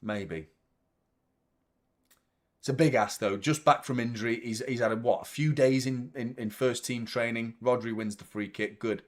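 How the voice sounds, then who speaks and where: Male watchalong host, excitable live match reactions, loud, sweary. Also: mid-range voice, normal speed. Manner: excitable, swears, shouts at the play.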